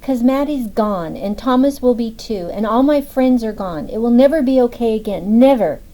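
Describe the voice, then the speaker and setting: Brief: woman narrator voicing a grief-stricken young woman agent in an audiobook, tearful and raw, with a dark, soft tone. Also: mid-range voice, normal speed, close to an everyday voice, rough recording. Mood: sobbing. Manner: tearful, emotional dialogue.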